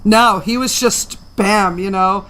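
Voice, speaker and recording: A woman hosting a radio interview, enthusiastic and quick to laugh. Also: mid-range voice, a bit bright. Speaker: radio host. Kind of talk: casual interview chat.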